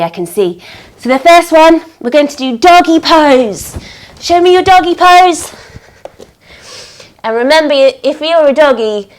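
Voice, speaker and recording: Upbeat woman teacher running a children's yoga class over a video call, high-pitched and slow-paced. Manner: upbeat, encouraging, sing-song animal sounds.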